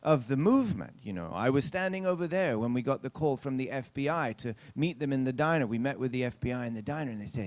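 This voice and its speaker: A man's voice: medium pitch, lively intonation, quick pace, few pauses, darkish tone, no echo. A male pastor telling a story in a sermon, chatting with the congregation and acting out what people said. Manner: chatty anecdotal telling with acted-out quotes; addresses the congregation directly.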